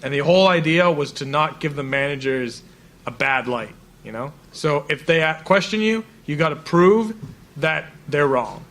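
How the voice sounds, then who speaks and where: A man's voice: on the high side, expressive, moderate pace, a bit bright. Laid-back young man with a lightish voice. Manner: laid-back, chimes in with short agreements, exaggerated voices in anecdotes. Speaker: podcast co-host. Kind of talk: casual chat.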